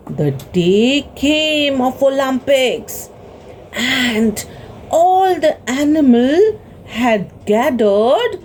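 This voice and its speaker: Woman, Indian English accent, children's storyteller, high voice, very slow, expressive. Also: a little hiss or hum. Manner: expressive, gasps, asks the children questions.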